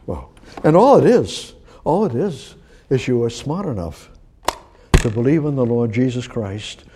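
A man preaching a sermon in an animated, rambling way, often restarting his sentences. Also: mid-range voice, a little slow, a little hiss or hum.

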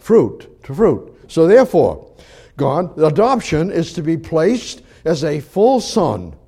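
A man preaching a sermon, firing rhetorical questions and repeating phrases for emphasis, swinging between loud declarations and low murmured asides. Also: creaky, husky.

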